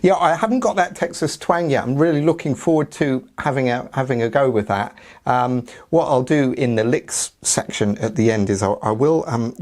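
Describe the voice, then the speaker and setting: A man's voice: mid-range voice, a little mellow. Man, chatty guitar teacher. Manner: friendly, tag questions like "isn't it?". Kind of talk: casual interview chat and guitar lesson.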